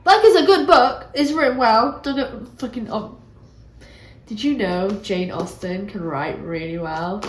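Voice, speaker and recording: A woman's voice: a little high, measured pace, a little hiss or hum. Chatty congested young British woman. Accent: British English. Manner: chatty, self-mocking, swears casually. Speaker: vlogger. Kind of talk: casual rambling vlog talk. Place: resort hotel room. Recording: echoey room with faint ambience.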